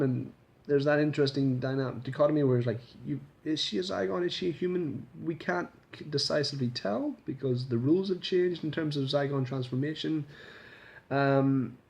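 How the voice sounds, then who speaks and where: A man's voice: medium pitch, creaky. A man casually reviewing a TV episode in a rambling vlog, swearing freely and restarting his sentences. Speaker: video reviewer.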